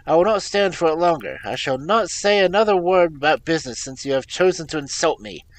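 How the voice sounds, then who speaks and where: A man's voice: on the high side, animated, fairly quick, voice pushed up. A man voicing a proud, defiant young man who answers his father back. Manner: indignant, raised voice.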